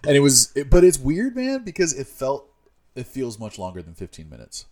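A man's voice: mid-range voice, huge pitch swings, brisk, a little mellow. A man co-hosting a casual podcast, joking and teasing in a playful way. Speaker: podcast co-host.

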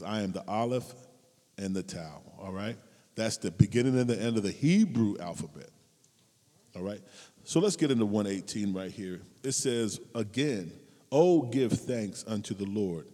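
A man preaching a casual, humorous sermon, swinging between loud high outbursts and quiet asides and laughing often. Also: long reverb tail.

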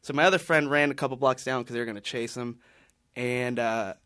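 A man's voice: mid-range voice, fairly even intonation, brisk, sharp tone, no echo, studio quality. A man on a podcast panel telling a long story in casual chat, rambling with many restarts and fillers.

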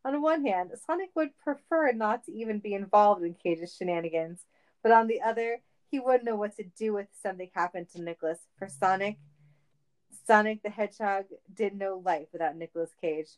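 A woman reads a comic story aloud with playful timing. Her voice sits in a middling range, and she keeps the narration lively and teasing. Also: medium pitch, normal speed, poor audio. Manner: playful, laughing.

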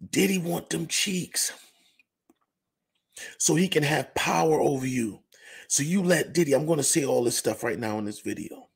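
A man giving rambling, animated commentary to camera, full of "you know" asides. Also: fairly high pitch, moderate pace, creaky, long pauses, husky. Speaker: commentary vlogger. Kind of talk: casual ranting commentary.

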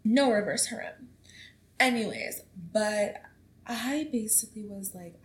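A woman in her twenties hosting a casual solo podcast, chatty and animated, swearing freely as she tells stories. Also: mid-range voice, measured pace. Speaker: podcast host. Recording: echoey room.

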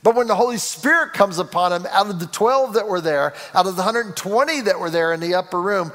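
A man with a high voice preaching a sermon to his congregation, pushing his points with rising emphasis and acting out quotes along the way. His voice rings through a church sanctuary with a long, reverberant tail. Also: sharp tone. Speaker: pastor. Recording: reverberant hall.

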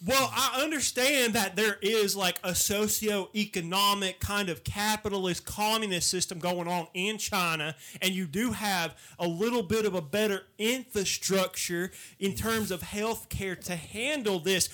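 A man's voice: high-pitched, moderate pace, few pauses, pushed and bright. A man voicing a preachy male Southern redneck who lectures in a folksy way about his kin. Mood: lecturing.

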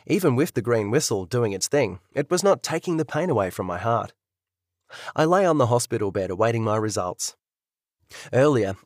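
A man reads a first-person audiobook in a wry, conversational way, at an ordinary mid pitch. The sound is dry and close, with no room around it. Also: dry recording. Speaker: audiobook narrator.

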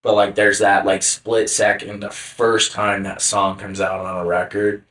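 A man's voice: on the low side, little pitch movement, measured pace, a bit bright, roomy sound. A young man co-hosting a casual podcast chat, rambling with lots of filler words and swearing. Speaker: podcast co-host.

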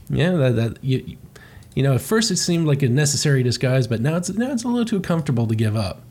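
A man's voice: mid-range voice, sing-song, fast talker, a little mellow. A man co-hosting a podcast, recapping a comic with wry jokes. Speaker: podcast co-host.

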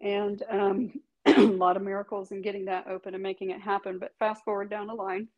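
A woman's voice: medium pitch, flat delivery, fairly quick, dull audio. A middle-aged woman speaks in an ordinary mid-range voice, recounting her own story as an interview guest. She talks emphatically, laughs often and swears without fuss. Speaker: guest, tattoo artist.

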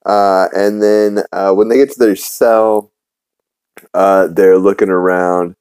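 A man's voice: low voice, steady tone, slow pace, a little mellow, clear, resonant tone, no echo. A man hosting a podcast, casually recapping a cartoon episode with lots of ums and uhs. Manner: rambling, many fillers. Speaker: podcast host.

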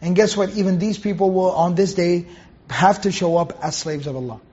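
High-voiced man teaching on a dull recording. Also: normal speed, a little mellow. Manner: explains Arabic terms patiently and corrects himself mid-sentence. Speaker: Quran teacher. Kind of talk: Quran commentary lesson.

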